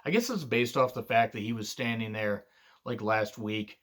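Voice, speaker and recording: A man's voice: lowish voice, normal speed, fairly bright tone. Blunt, swearing man ranting about wrestling. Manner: digressive, many fillers. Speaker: wrestling show reviewer. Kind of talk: casual opinionated review monologue.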